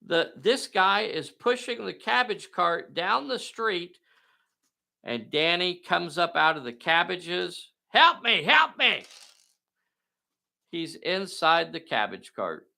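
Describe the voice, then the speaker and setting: A man's voice: sits high, animated, slow pace, creaky, pushed and bright. A man hosting and narrating a live tabletop game in a folksy, enthusiastic way, talking to viewers. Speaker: game master and host.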